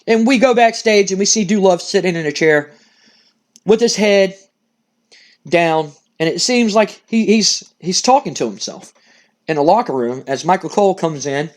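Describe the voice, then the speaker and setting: A man's voice: high-pitched, lively intonation, normal speed. Male let's-play host, casual rambling commentary, thinks aloud.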